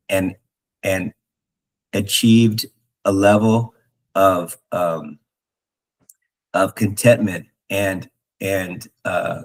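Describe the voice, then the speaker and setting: Gravelly, husky man in reflective talk. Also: lowish voice, low-quality recording. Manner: halting, many restarts and fillers, earnest. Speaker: podcast host.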